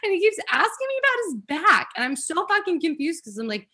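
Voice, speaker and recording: A woman's voice: sits high, big pitch swings, fast talker, few pauses, pushed and bright. A woman guest on a podcast, telling a dating story with giggles and quoting herself. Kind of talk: casual storytelling chat.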